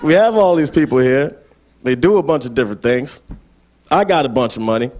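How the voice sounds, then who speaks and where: A man's voice: mid-range voice, expressive, a little fast, a crowd in the background, background noise. A man doing a stand-up roast set, boastful and trash-talking, often breaking into laughs. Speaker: roast comic.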